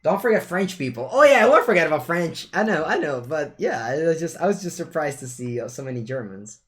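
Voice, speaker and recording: Animated Italian-accented man streaming. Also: on the high side, fairly quick. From Italy. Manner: chatty, animated, switches between English and Italian phrases. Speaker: streamer playing a card game. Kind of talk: casual chat with stream viewers while playing.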